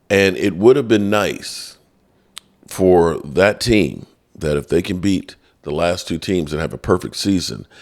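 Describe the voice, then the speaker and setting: A man hosting a sports podcast, chatty and opinionated, talking straight to his viewers in casual commentary. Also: rumbling low.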